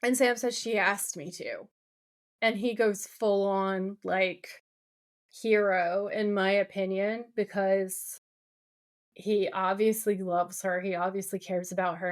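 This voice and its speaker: Chatty woman podcast co-host. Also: medium pitch. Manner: animated, filler-heavy retelling. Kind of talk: casual recap chat.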